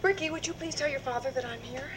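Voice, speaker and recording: A woman's voice: high-pitched, fast talker, close to an everyday voice. An actress playing a composed adult woman in a sitcom, dressed up for a formal dinner. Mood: steady, puzzled. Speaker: sitcom character. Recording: noisy old TV clip.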